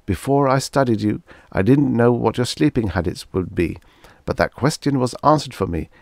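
Guy doing a chipper polite martian dude, a bit higher, earnest and formal, kinda apologetic. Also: normal speed, vocal fry, no room sound, clean studio sound, close to an everyday voice. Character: polite cheerful male Martian visitor.

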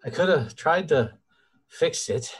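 A man's voice: fairly high pitch, expressive, a little slow, slightly rough. A man playing in a tabletop game, chatting casually and joking at his own expense. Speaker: player. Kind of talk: casual chat.

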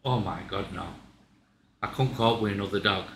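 A man's voice: on the low side, moderate pace, gravelly, fairly bright tone. A man chatting casually at home, blunt, stumbling over his words and swearing. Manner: blunt, stammering restarts, swears. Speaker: co-host. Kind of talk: casual chat. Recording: echoey room, faint ambient noise.

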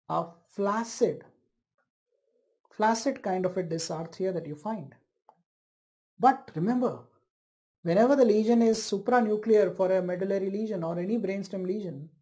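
A woman's voice: medium pitch, warm tone. A woman with an Indian English accent giving an online medical class, questioning students and imitating patients' speech to demonstrate it. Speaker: medical lecturer. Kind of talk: online interactive class lecture.

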